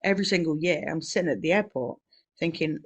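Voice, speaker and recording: A woman's voice: deep voice, dull audio. Chatty New woman telling a story. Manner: rambling, chatty storytelling with many fillers; quick laughs between remarks. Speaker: podcast co-host. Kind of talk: casual conversation.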